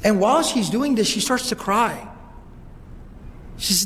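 A man giving a storytelling sermon as a religious lecturer, animated and often repeating words. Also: high-pitched, a little slow, a little hiss or hum. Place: mosque hall, indoors. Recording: reverberant hall, faint ambience.

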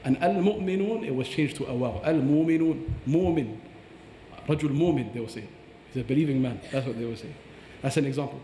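A fast-talking man with a mellow voice explains recitation like a patient teacher, slipping into recited Arabic phrases. He sounds roomy, with a long reverb trailing his words in a large hall. Faint ambience sits behind him. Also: medium pitch, a little hiss or hum. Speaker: Quran teacher. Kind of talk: podcast explanation.

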